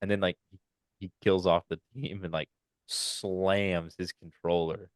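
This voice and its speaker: A young man co-hosting a casual podcast, telling animated stories and acting out quotes in high loud voices. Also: measured pace, dry recording, studio quality. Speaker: podcast co-host. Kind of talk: casual chat.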